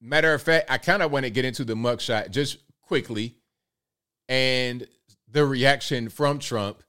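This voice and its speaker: Smooth-voiced male live commentary host. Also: medium pitch, a little slow, sharp tone. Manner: casual, direct, repeats points for emphasis. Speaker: host of a political commentary show.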